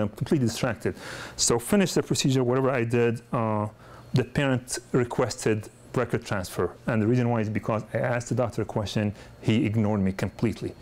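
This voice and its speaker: A man's voice: fairly low pitch, a little mellow. A middle-aged man, a pediatric dentist, gives a lecture full of personal stories, talking conversationally with frequent restarts and repeated words. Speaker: pediatric dentist teaching a course.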